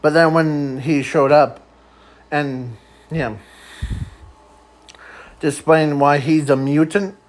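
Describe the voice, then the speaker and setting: Man, fan storyteller, rambling and halting, slightly high voice, drawn-out unhurried delivery. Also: fairly even intonation, low-quality recording. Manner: rambling and halting, trailing off with frequent fillers. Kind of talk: improvised fan story narration.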